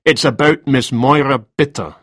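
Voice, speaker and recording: A man voicing a stern male police detective who questions in short, clipped lines, with a husky voice. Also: medium pitch, normal speed, fairly bright tone, no room sound, clean studio sound, voice pushed up.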